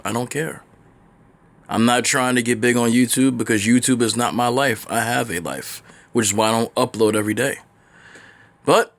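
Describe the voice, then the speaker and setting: A man giving blunt, profane, opinionated reaction commentary in a ranting manner. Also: mid-range voice. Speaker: commentary vlogger.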